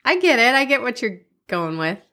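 Giggly woman with a lively, bouncy voice. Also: fairly high pitch, moderate pace. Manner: giggly, teasing reactions. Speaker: podcast co-host. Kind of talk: casual chat.

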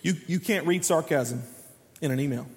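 A man around forty, a pastor preaching a sermon with lively storytelling, acting out the voices in his stories. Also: a little high, moderate pace, long reverb tail. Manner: lively storytelling preacher who acts out quoted dialogue.

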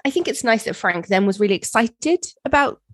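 A woman's voice: fairly high pitch, brisk, no room sound. A woman co-hosting a podcast, chatting casually about a TV show and acting out quotes. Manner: chatty, lively, acts out quotes. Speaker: podcast co-host.

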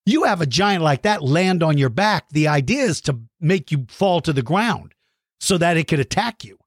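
A man explaining a science topic straight to viewers at home. His voice sits a bit high and swings widely in pitch as he poses questions and weighs guesses. The sound is close and dry, with no room echo. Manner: animated, speculative, asks rhetorical questions; addresses viewers directly. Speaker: science educator.

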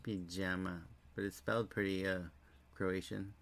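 A low-voiced man repeats each new word in a quiet, dry way. The recording sounds close and dead, with no room around it. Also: flat delivery, normal speed, no echo. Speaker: co-host learner. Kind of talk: casual podcast lesson.

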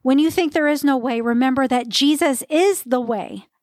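A woman's voice: high voice, moderate pace, a little mellow, no room sound, studio quality. Earnest, encouraging woman with a raised voice. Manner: earnest, encouraging, reads scripture aloud. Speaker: podcast host and faith-based fitness coach. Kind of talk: motivational devotional podcast talk.

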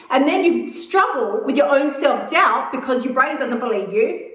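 A woman's voice: sits high, expressive, moderate pace, few pauses, fairly bright tone. A woman coaching viewers on weight loss in blunt, emphatic, casual talk that swears freely. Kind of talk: casual direct-to-camera advice. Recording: echoey room.

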